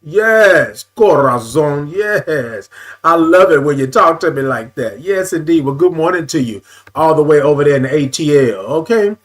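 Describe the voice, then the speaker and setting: This male host runs an easygoing morning live stream, calling out viewers by name with long, sung greetings and lots of "y'all." Phrases get repeated as he adjusts the camera mid-sentence. His pitch is fairly high, with lively intonation.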